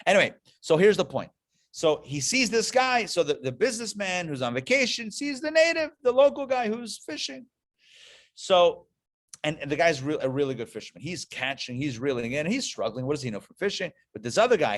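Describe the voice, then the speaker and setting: A man, a rabbi, giving a lively lecture with storytelling to a live class, talking conversationally and checking in with listeners through quick questions. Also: a little high. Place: live class before an audience.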